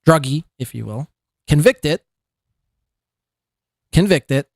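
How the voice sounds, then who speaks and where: A man's voice: on the high side, expressive, takes it slowly, vocal fry, no room sound. A man hosting a podcast, giving sarcastic, mocking commentary on clips and swearing freely. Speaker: podcast host.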